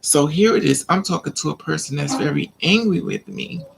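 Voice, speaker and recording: A woman's voice: low voice, expressive, moderate pace, vocal fry, slight background noise. A woman vlogger telling a personal story in a casual rant, animatedly acting out both sides of an argument.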